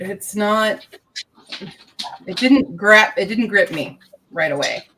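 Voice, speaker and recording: A woman's voice: medium pitch, expressive, slow pace, fairly bright tone, slight background noise. Chatty woman book vlogger. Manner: chatty, playful, baby talk to her pet bird. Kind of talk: casual chat.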